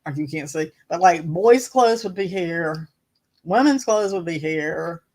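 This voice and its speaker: A woman's voice: fairly low pitch, expressive, unhurried, a little mellow, low-quality recording. A woman with a Southern American accent, chatting casually and telling stories, who picks up the accents around her. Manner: chatty storyteller, mimics accents she hears. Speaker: co-host of a couple's channel. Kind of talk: casual chat.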